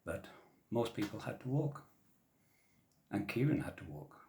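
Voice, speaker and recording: A traditional storyteller spins tales for children in a slightly low, mellow voice. He speaks gently and softly and often sinks to a near whisper. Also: very animated, a little slow, slight background noise. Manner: gentle, soft-spoken, drops to whispers.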